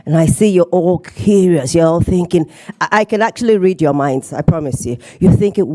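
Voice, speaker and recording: A woman's voice: fairly low pitch, normal speed, warm tone. Nigerian-British accented woman keynote speaker. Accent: Nigerian with some British. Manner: playful, teasing the audience. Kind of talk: conference keynote talk. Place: conference hall.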